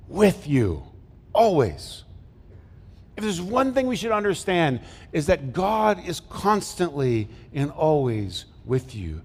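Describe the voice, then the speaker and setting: Middle-aged guy preaching, slightly high voice, jokey, keeps asking the crowd stuff, long echoey church reverb. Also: very animated, slow, creaky, breathy edge. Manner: conversational, jokey, asks the congregation questions. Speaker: pastor. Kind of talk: sermon.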